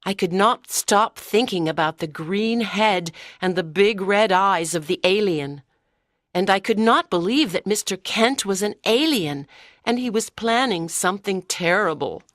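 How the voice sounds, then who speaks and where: A woman reading a story aloud slowly and clearly for English learners. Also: medium pitch, lively intonation, fairly bright tone, no room sound, studio quality. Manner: clear, careful delivery. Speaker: story narrator.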